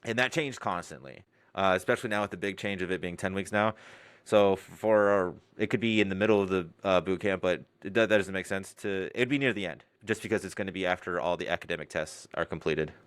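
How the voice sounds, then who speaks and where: Deep-voiced man talking about the service. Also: a little fast, smooth, no echo. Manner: relaxed, rambling, laughs between points. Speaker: Navy recruit division commander, guest. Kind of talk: casual interview answers.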